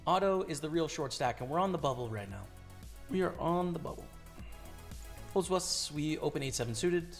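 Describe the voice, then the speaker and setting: Gravelly-voiced Canadian poker streamer. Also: male voice, a little high, expressive, fairly quick, faint music behind. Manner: casual, hyped shout-outs to chat. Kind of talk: live stream commentary.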